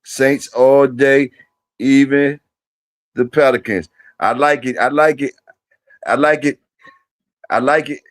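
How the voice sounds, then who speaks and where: A man's voice: mid-range voice, steady tone, slow, pauses often, no echo. A man hosting a live stream, chatting loosely with viewers in a rambling, profane way and firing questions at them.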